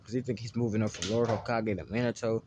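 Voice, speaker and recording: A man's voice: on the low side, fairly even intonation, quick pace, noisy background. A man casually narrating an imagined fan story, rambling with many fillers and restarts.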